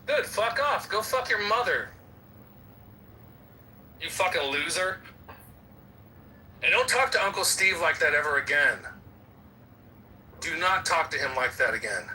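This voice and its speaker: A man's voice: fairly high pitch, expressive, measured pace, pauses often, pushed and bright, far from the mic, a little hiss or hum, poor audio. A man in a heated voice-chat argument, taunting and swearing aggressively at another user. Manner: aggressive, profane, taunting insults. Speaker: voice chat room participant. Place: online voice chat app.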